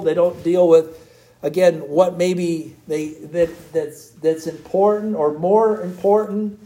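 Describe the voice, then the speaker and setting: A man preaching a sermon in an emphatic, repetitive cadence, slowing down to read scripture aloud. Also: on the high side, dark tone.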